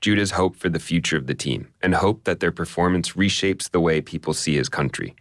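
A man narrating a scripted radio news feature as the reporter, in a measured storytelling way. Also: deep voice, no room sound, studio quality.

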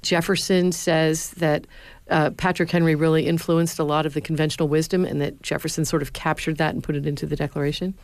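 A middle-aged woman who was a speechwriter and now lectures, answering interview questions with earnest stories and lively quotes. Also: sits low, fairly quick, dry recording. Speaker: former speechwriter, university lecturer.

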